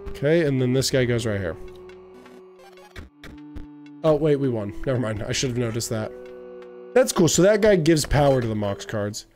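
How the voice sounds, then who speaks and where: A man's voice: mid-range voice, lively intonation, a little fast, darkish tone, soft background music. A young man giving casual let's-play commentary, thinking aloud and stumbling over game words. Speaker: gaming video creator.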